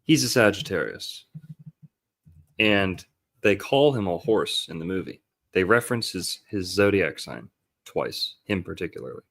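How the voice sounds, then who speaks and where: A man's voice: deep voice, expressive, measured pace, gravelly, a bit bright. A man hosting a podcast, talking through a film in a loose, rambling and profane way. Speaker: podcast host. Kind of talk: casual film-analysis chat.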